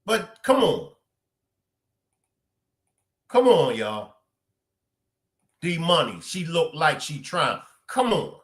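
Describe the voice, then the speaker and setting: A fiery male streamer. He talks slowly and drawls his words. His voice sits fairly high for a man, and it rises to loud outbursts and then drops to muttering. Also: sing-song, roomy sound. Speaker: commentary streamer. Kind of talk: live-stream commentary.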